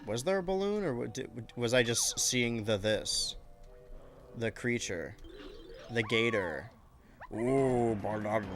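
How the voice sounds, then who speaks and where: Animated man streaming a game. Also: mid-range voice, unhurried, faint music behind. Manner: joking, animated, talking to chat while playing. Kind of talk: casual gameplay commentary.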